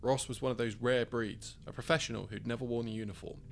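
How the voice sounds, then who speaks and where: A man's voice: mid-range voice, steady tone, fast talker, creaky, slight background noise. A man narrating his own first-person short story in a wry, conversational way.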